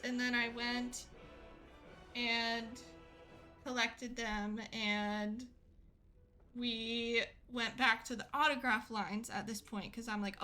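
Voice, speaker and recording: A woman streamer chatting through a casual story, giggly and full of little fillers. Her voice is bright and fairly high, and she takes her time, unhurried. Faint music sits beneath her. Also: level tone. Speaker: gaming streamer.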